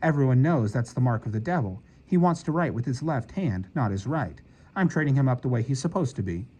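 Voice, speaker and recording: A man reading aloud, voicing a strict older schoolteacher woman, sharp and insistent, in an audiobook. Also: mid-range voice, lively intonation, a little fast, breathy edge.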